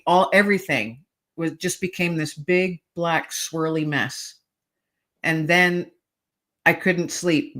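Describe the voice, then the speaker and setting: A woman's voice: deep voice, a bit bright. A middle-aged woman, a podcast guest, telling a personal story earnestly and emotionally, with hesitant restarts.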